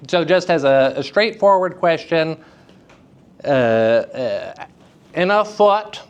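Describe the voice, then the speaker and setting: A man giving a live drama workshop to high school students, chatty and self-deprecating, often turning to the class with questions. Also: expressive, slow pace, clean tone, lo-fi sound.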